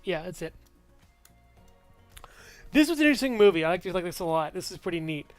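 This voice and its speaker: A man chats through his movie picks in a loose, rambling way, with plenty of fillers and self-corrections. His voice sits high for a man and sounds smooth and clean. The sound is dry and close, with faint music underneath. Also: sing-song, brisk, dry recording. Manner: rambling, full of fillers and restarts, chuckles often. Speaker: movie reviewer. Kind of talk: casual movie review vlog.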